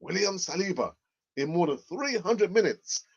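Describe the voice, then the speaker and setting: Football host, animated and exclamatory, fairly high, swoopy voice, dull lo-fi sound. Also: male voice, normal speed, creaky, husky. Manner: animated, laughs often, exclaims. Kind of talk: casual football news commentary. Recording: dull lo-fi audio.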